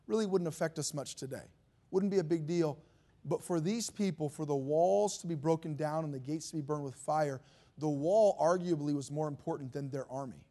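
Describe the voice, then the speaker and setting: A man's voice: high voice, mellow. A man preaching a sermon, reading scripture aloud in its old formal wording and then explaining it in plain, conversational words.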